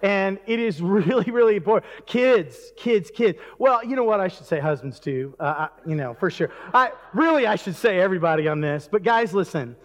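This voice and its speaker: A man's voice: high-pitched, lively intonation, moderate pace, hardly any pauses. A man preaching a casual, chatty sermon in church, breaking off mid-sentence and chuckling at asides. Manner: conversational, self-interrupting, chuckling asides. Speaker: pastor. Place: church sanctuary. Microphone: handheld or stage mic. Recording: long reverb of a church hall.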